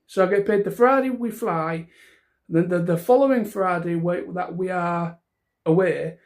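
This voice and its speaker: A man chatting casually to camera in a vlog, rambling with lots of restarts and fillers. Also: sits high. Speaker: vlogger.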